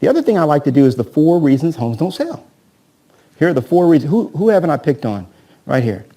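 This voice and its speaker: An energetic man coaching a room full of agents, his voice pitched a bit high yet dark and mellow in tone. He keeps throwing questions at the crowd and acts out sales scripts with a volunteer. He teaches in a lively seminar style. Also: fast. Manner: energetic, peppers talk with "right?" and questions to the audience. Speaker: real estate trainer.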